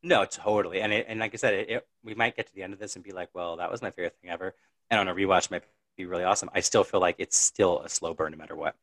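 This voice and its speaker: A man's voice: low voice, steady tone, rapid-fire, fairly bright tone, no room sound. A man co-hosting a podcast, chatting casually and rambling with frequent laughs. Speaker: podcast co-host. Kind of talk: casual chat.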